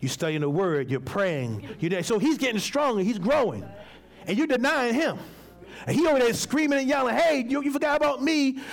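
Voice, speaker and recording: Lively, high-voiced preacher man. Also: fairly quick. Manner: animated preaching with colloquial asides and acted-out voices; teaches with props and volunteers, calls on readers. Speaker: pastor. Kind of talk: sermon.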